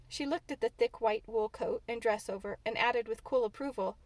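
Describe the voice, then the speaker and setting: A woman narrating a classic novel in an expressive audiobook reading. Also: a little high, moderate pace, hardly any pauses, no room sound. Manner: expressive storytelling.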